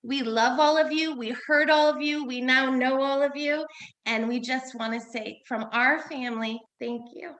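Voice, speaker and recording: High bright-voiced woman, heartfelt speech. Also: fairly even intonation, moderate pace. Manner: heartfelt, repetitive emphasis. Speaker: advocate and mother of a solitary survivor. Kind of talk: emotional press conference speech.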